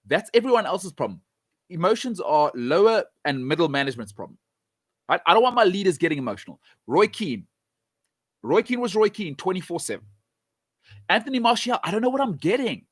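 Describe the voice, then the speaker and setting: A man's voice: sits high, very animated, fairly quick, slightly rough, no room sound. A man giving blunt, emphatic football opinions, speaking straight at the fans and hammering his points by repeating them. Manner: direct address to fans. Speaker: football pundit. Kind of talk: opinionated sports talk.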